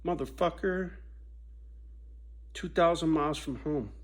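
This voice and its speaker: Foul-mouthed guy preaching at the camera, kinda high voice, loud rants then low mutters. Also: measured pace. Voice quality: swears constantly, preachy and intense. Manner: swings from loud fired-up rant to low muttering. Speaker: vlogger. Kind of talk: profane casual monologue.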